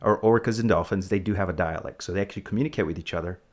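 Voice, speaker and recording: A man's voice: deep voice, racing. A man hosting a casual podcast, rambling playfully and explaining facts to kids. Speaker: podcast host.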